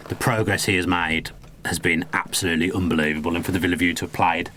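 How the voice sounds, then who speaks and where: Fast-talking deep-voiced man. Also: fairly even intonation, sharp tone, a little hiss or hum. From Birmingham, England. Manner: leads the talk, teasing asides. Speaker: podcast host. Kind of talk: casual football chat. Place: podcast booth.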